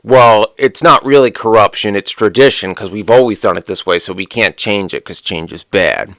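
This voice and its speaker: A man putting on the voice of a smug male boss who claims power by inheritance, loud and pompous. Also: low-pitched, normal speed, creaky, dry recording, heavily acted.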